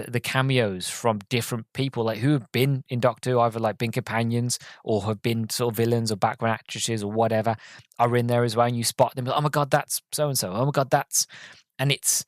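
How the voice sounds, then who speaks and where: A man's voice: mid-range voice, no room sound. A man hosting a podcast, giving a rambling, emotional and enthusiastic film review in a casual monologue. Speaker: podcast host.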